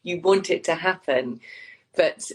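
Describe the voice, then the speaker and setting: A woman's voice: on the low side, a little slow, slightly rough. A woman co-hosting a podcast in casual chat, earnest and encouraging, speeding up as she lists examples. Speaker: podcast co-host.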